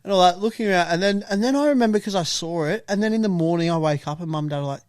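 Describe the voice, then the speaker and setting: A man's voice: high voice, very fast, few pauses, clear, resonant tone, no echo, studio quality. A young man, co-hosting a podcast, joking, swearing and acting out quotes. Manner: jokey, swears, acts out quotes. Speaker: podcast co-host. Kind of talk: casual chat.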